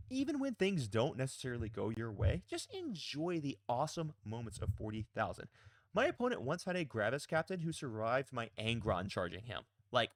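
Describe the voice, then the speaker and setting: A man's voice: medium pitch, no echo. A man who plays and coaches a tabletop wargame, giving blunt, emphatic advice in a casual, mildly profane way. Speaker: pro player and coach.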